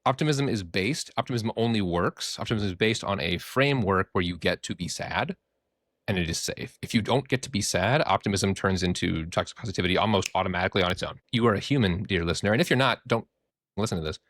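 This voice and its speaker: A man who works as a therapist, hosting a casual podcast and talking in an animated, joking way. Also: low-pitched, fast talker, dry recording, clean studio sound. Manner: animated, joking, acts out quoted voices.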